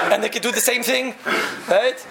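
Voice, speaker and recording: Gravelly man telling a lively story. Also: high voice, heavy background noise. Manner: lively, laughing, acts out voices, frequent "right?". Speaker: speaker telling a story to a group. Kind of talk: animated storytelling talk.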